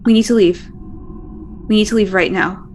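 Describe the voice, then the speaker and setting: A woman's voice: mid-range voice, steady tone, normal speed, a little hiss or hum, lightly acted. A woman voicing a tearful young woman in a tabletop game, urging the others to flee in an urgent way.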